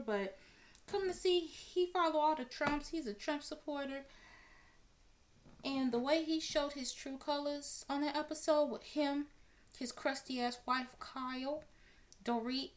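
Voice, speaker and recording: Blunt, animated woman talking casually. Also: sits high. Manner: blunt, animated, swears freely. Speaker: podcast host. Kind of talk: casual commentary on celebrity news.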